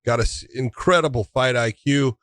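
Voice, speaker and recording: A man co-hosting a sports podcast, giving thoughtful, measured fight breakdowns. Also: mid-range voice, fairly bright tone, no room sound. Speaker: podcast co-host, fight analyst. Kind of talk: casual sports analysis.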